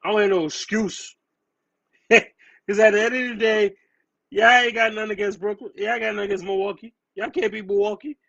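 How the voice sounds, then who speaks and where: A man's voice: high-pitched, fairly even intonation, brisk, vocal fry, fairly bright tone, muffled recording. A man, co-hosting a podcast and trash-talking sports rivals with brash, repetitive emphasis. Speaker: podcast co-host. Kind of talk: heated sports banter.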